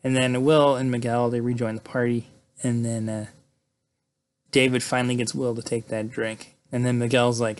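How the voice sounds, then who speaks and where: With a clear, resonant, medium-pitched voice, a man speaks in a steady tone at a moderate pace. He's a film recapper going over a movie's plot casually, full of fillers, repeated "like" and "right?", and laughter between lines.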